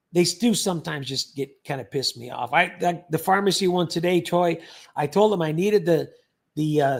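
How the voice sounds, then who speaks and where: A man's voice: sits high, gravelly, a little mellow. A man hosting a casual livestream, rambling and joking as he reads out viewer comments and thanks people by name.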